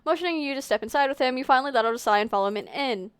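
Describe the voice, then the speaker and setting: Fast, giggly woman streamer reading a game. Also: sits high, lively intonation, smooth, dry recording. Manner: giggly, speed-reading, chatty asides. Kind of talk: reading a visual novel aloud on stream.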